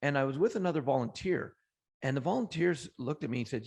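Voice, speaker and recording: A middle-aged man from Canada, a trainer telling energetic motivational stories as an interview guest, often restarting phrases. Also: mid-range voice, quick pace. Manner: energetic, anecdotal, frequent restarts. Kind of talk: motivational storytelling.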